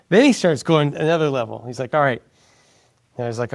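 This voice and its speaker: A man being interviewed as a guest, telling a personal story in a casual, animated way and dropping into a soft hushed voice when quoting others. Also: mid-range voice, brisk.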